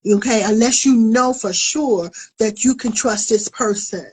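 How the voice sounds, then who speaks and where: A middle-aged woman hosting a talk show, telling a personal story in a sassy, animated way and addressing her audience directly. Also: a little high, unhurried, breathy edge, low-quality recording. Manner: animated, acts out quoted voices. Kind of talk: storytelling monologue.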